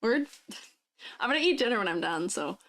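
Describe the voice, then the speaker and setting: A woman's voice: mid-range voice, sing-song, normal speed, a bit bright. A young woman streaming casually, playful, laughing often and answering chat. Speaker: vtuber streamer.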